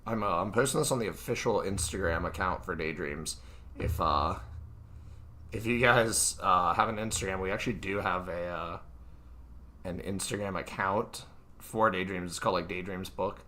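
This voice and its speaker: A man's voice: sits low, normal speed, pushed and bright. A man with a stuffy nose, hosting a live reading of his book from his own room into a computer mic, talking casually with lots of fillers and self-deprecating asides. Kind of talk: casual livestream chat. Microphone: computer mic at his desk.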